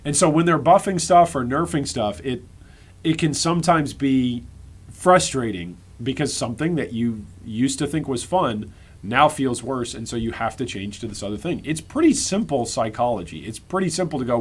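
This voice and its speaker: An American man on a live stream, talking through game patch notes at a middle pitch. He rambles and loops back on his words as he builds a point, turning often to speak to his chat. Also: animated, normal speed, breathy edge. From United States. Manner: rambling, repeats words as he restarts thoughts; talks directly to his chat.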